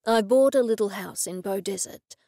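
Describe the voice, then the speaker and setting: A woman narrator puts on a steady, protective male detective in an audiobook. He speaks hesitantly and earnestly, with a slightly gravelly texture. The sound is dry and close. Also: medium pitch, normal speed, dry recording, lightly acted. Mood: explaining.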